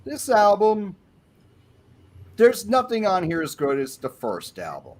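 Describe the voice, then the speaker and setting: A man's voice: high-pitched, wildly swooping pitch, a little slow. A man on a panel, going through an album track by track and giving his opinions in a casual way.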